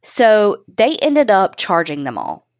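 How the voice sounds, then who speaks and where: A woman's voice: mid-range voice, very animated, slow pace, darkish tone. A woman co-hosting a podcast, bluntly recounting a true crime case and swearing. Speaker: podcast co-host.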